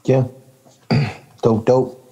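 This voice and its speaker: Slow, mellow-voiced laid-back man. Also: mid-range voice, steady tone, husky, muffled recording. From Calgary, Canada. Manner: laid-back, steering the show with short replies. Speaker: podcast co-host and rapper. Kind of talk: casual chat.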